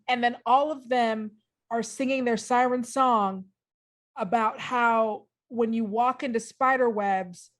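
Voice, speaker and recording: Woman spinning a playful story quickly. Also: fairly high pitch. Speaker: player. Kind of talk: improvised tabletop role-play.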